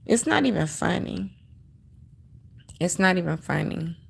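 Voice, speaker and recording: Sassy gravelly middle-aged woman livestreamer. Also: lowish voice, sing-song, measured pace. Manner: emphatic, preachy, sassy, repeats herself. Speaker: livestream host. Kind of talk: casual livestream chat, reading viewer comments.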